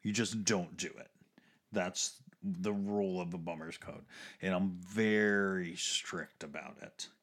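A man's voice: low-pitched, fairly even intonation, slow, a bit bright. A man in casual conversation, telling a story with frequent laughs, fillers and restarts. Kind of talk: casual chat.

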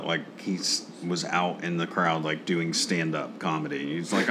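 A man's voice: low voice, flat delivery, moderate pace, hardly any pauses, background noise. A man in casual chat, rambling through stories and laughing often.

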